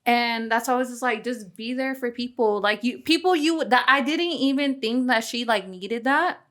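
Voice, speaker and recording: A woman's voice: a little high, normal speed, fairly bright tone. A young woman host chatting candidly about her beauty business, swearing freely and using slang. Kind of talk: casual chat.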